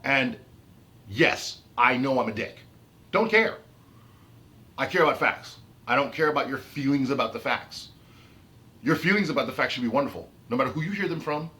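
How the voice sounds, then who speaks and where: A man's voice: mid-range voice, animated, moderate pace, pauses often, bright, forceful tone. A man ranting about his autism in an unscripted vlog, heated and emphatic, repeating and restarting his phrases. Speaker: autistic vlogger. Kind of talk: unscripted rant to camera.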